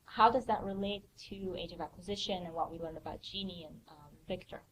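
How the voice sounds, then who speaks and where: A woman asking questions in a relaxed, casual way during an academic office hour. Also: fairly low pitch, fairly quick, slight background noise, poor audio. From grew up in the United States after moving there as a child. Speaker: student or teaching assistant asking questions.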